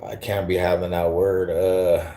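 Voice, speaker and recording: A livestreamer from Denver, Colorado, with an East Denver accent reads chat, bantering in a laid-back, slangy, profane way. His deep, dark voice keeps a level tone and runs a little slow.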